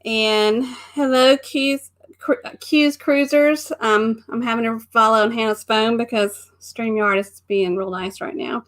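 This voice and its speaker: A woman's voice: a little high, fairly even intonation, measured pace, fairly bright tone. A middle-aged woman co-hosting a casual live stream, greeting viewers by name and laughing often. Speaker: co-host of a live travel stream.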